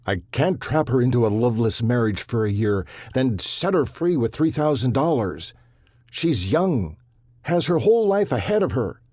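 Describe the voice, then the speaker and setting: A man's voice: mid-range voice, sing-song, normal speed, a little mellow, slightly rough, dry recording, clean studio sound, pitched above the performer's own voice. A man voicing a torn, remorseful middle-aged rancher father who speaks in earnest, anguished bursts.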